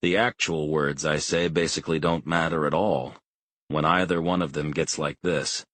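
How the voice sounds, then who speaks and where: A man reading a thriller audiobook in calm, measured first-person narration. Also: very deep voice, dry recording. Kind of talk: scripted narration.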